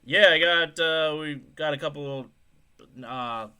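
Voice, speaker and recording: A man's voice: slow pace, clean tone. A man co-hosting a casual podcast, swearing freely and joking with his co-host. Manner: profane, jokey, slips into loud high mock voices.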